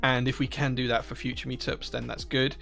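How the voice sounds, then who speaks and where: A Northern Irish man with a gravelly, mid-pitched voice, talking casually to viewers on a live stream. He rambles, restarts sentences and fills pauses with "um" as he thinks aloud. Faint music plays quietly in the background. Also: level tone. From Northern Ireland. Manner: rambling, many restarts and fillers. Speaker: livestream host. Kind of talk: casual live-stream chat, reading chat questions.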